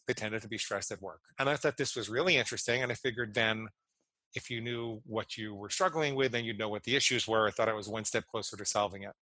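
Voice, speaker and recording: A man in his fifties speaks as a podcast guest with a bright, forward voice. He tells his story earnestly and often slows down to weigh key words. The sound is close and dry, with no room echo. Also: mid-range voice. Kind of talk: personal storytelling and explanation.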